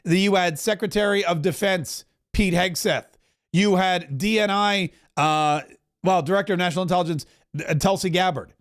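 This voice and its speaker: A man hosting a political talk show, giving opinionated, animated commentary and mockingly acting out the words of others. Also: high-pitched. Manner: animated, mocking, does quick voices for others.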